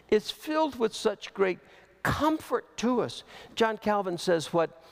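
A man preaching a sermon as pastor, slow and emphatic, with big swings in pitch. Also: big pitch swings, creaky. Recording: long hall reverb.

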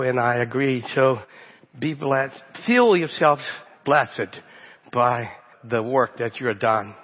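A middle-aged man from Brazil with a Brazilian Portuguese accent, a native Portuguese speaker, preaching a sermon as a guest pastor. He talks warmly and haltingly, often repeating the first word of a phrase. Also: mid-range voice. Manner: warm, halting, repeats words at starts. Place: church sanctuary. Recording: dull audio in a long-reverb church hall.

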